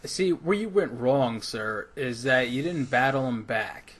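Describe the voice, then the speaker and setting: A man's voice: mid-range voice, expressive, unhurried, slightly rough. An American man co-hosting a podcast, teasing and swearing a lot in casual banter. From United States. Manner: crude, profane, teasing. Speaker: podcast co-host.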